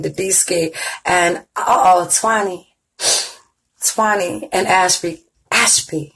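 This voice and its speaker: A woman's voice: fairly low pitch, slightly rough, rough recording. A middle-aged woman hosting an online show in casual chat, greeting viewers by name and laughing often. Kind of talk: casual live-stream chat.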